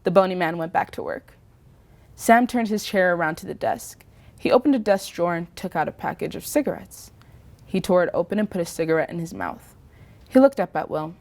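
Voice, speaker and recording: A woman reading a story aloud in a slow, measured narration. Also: fairly low pitch, a little mellow. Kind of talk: audiobook reading.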